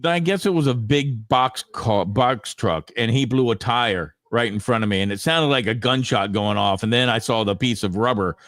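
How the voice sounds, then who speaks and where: A man's voice: medium pitch, moderate pace, hardly any pauses, fairly bright tone. A man co-hosting morning radio, teasing and needling his partner. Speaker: radio co-host. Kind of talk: casual morning radio banter.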